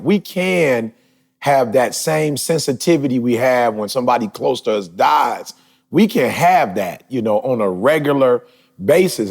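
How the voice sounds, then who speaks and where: A man in his forties hosting a podcast, talking casually and emphatically, his voice building toward shouts. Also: mid-range voice. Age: 40s. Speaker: podcast host.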